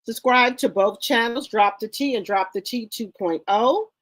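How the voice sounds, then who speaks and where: Woman livestream host, casual chat, slightly high voice, dry close sound, repeated hellos. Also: moderate pace, a bit bright, no room sound. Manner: greets viewers with repeated hellos, chatty and informal.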